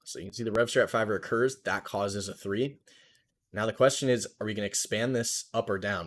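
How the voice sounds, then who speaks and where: A young man with a somewhat low voice runs a live trading stream from his desk. He talks loosely and thinks aloud, full of market jargon, into a desk mic. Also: a little fast, a bit bright. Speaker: trading livestream host. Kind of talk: casual live market commentary.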